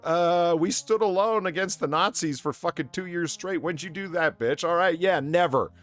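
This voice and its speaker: A man's voice: high-pitched, moderate pace, over loud music. A man on a podcast, teasing and arguing with his co-host in casual, sweary banter.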